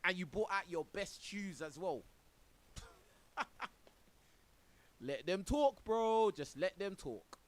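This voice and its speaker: A man with a high, lively voice reacts to a clip on stream. He mocks and scolds, throwing in "bro" again and again, and often laughs between lines. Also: slow, long pauses. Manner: mocking, exasperated, says "bro" a lot, laughs often. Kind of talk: reaction commentary.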